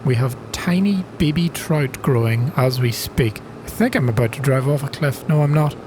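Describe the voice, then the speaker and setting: A man talks casually through a farming game at an ordinary, mid-range pitch. He is chatty and self-mocking, and he breaks into sharp gasps when something surprises him. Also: normal speed, background noise. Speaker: gaming channel host. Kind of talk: casual gameplay commentary.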